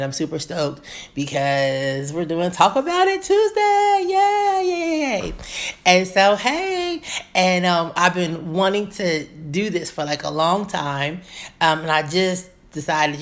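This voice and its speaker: A woman in her forties, a gynecologist, chatting casually on her first live stream, bubbly and greeting viewers by name with many fillers. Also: low-pitched.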